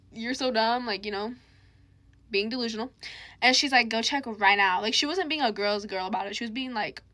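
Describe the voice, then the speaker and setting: Young woman, bright and high-ish, casual storytime with slangy drama. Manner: chatty, dramatic, slangy retelling.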